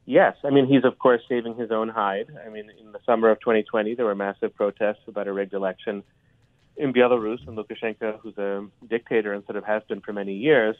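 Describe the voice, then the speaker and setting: A man's voice: on the low side, fairly even intonation, quick pace, no echo. A man, a history professor, giving analysis in a radio interview with a thoughtful, hedging way of talking. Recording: tinny dry phone line.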